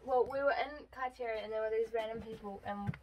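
A woman's voice: on the high side, fairly even intonation, fast talker, recorded from a distance, very noisy. A young woman chatting casually and teasingly with her father.

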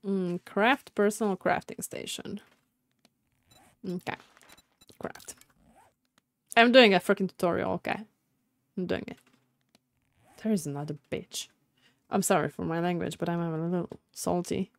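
Excitable woman narrating her gameplay. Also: fairly low pitch, unhurried, gravelly, pauses often, no echo. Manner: excitable, laughs often, talks to teammates. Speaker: gaming streamer. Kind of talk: casual let's-play commentary.

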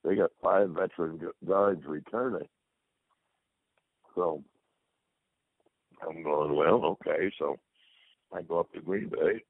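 A man's voice: low-pitched, slow pace, creaky, long pauses, slightly rough, no room sound. An older man, a retired football player, telling rambling anecdotes as an interview guest and acting out the dialogue. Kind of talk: casual storytelling. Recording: dry phone-like lo-fi recording.

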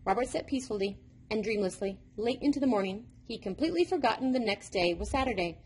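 A woman narrating a children's book in an expressive storytelling manner. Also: mid-range voice, quick pace, slightly rough. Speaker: reader.

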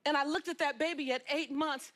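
A woman with a notably high voice tells her life story as a talk show guest. She is from Los Angeles and speaks in an animated, emphatic way. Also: a little fast. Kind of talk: storytelling interview.

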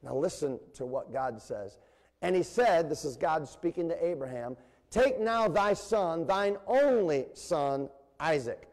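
A man preaching a sermon to his congregation, animated and engaging them with questions. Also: on the high side, a little slow. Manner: animated preaching with call-and-response and playful voices. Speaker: pastor. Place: church sanctuary. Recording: long reverb of a church hall.

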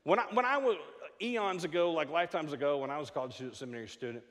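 A middle-aged man preaching a sermon in a church, joking and stammering through quick restarts. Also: on the high side. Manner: animated, jokey preaching with frequent stammered restarts. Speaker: pastor. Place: church sanctuary. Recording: long hall reverb.

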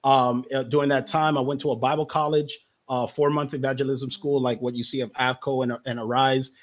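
A young adult man and pastor telling his personal testimony in conversation, telling it in a lively way and acting out the voices of the people he quotes. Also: mid-range voice, fairly quick. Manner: animated storytelling, acts out quoted voices.

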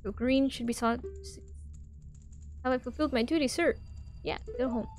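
Give me a woman with a slightly high voice, quietly commenting on her game. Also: fairly even intonation, fairly quick, faint music behind. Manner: speaks softly, half whispering in quiet parts. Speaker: gamer.

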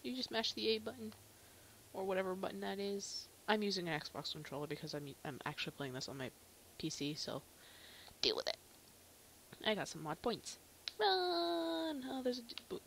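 A woman giving casual gameplay commentary, chatty and self-mocking, quick to exclaim. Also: medium pitch, a bit bright, a little hiss or hum. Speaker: let's play gamer.

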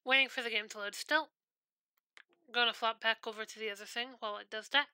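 A woman game streamer with a very bright, crisp, slightly high voice, heard close and dry from a home desktop mic. She rambles in casual chat, swearing freely as she tells stories between loading screens. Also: steady tone, fairly quick, dry recording. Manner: rambling, profane storytelling.

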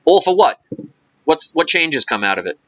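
A man's voice: fairly high pitch, sing-song, normal speed, bright, forceful tone, no echo, highs cut off. A man vlogger giving an impassioned, sarcastic and preachy monologue rant.

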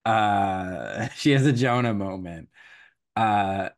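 A young man hosting a podcast, casually retelling a folktale with lively quoted voices, laughs and fillers. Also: lowish voice. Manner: animated storytelling, quick quoted voices, frequent laughs and fillers. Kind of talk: casual chat.

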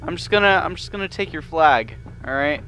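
A man's voice: on the high side, animated, a little fast, bright, forceful tone, faint music behind. A man giving nervous, jumpy let's-play commentary on a horror game he is playing. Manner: jumpy, nervous, swears mildly, yelps when startled.

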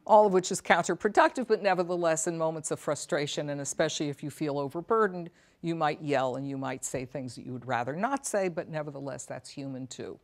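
A woman with a low, grounded voice talks earnestly to a room of caregivers. She is middle-aged and speaks as a psychotherapist and elder care coach. She is reflective and often turns to the audience with questions. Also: fairly quick, few pauses. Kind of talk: talk to a caregivers' support audience.

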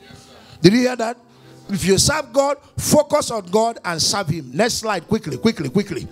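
Male preacher, high register, restless and animated, peppers the room with questions. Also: moderate pace, soft background music. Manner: animated preaching, firing questions, acting out dialogues. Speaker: pastor. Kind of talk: sermon. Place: church.

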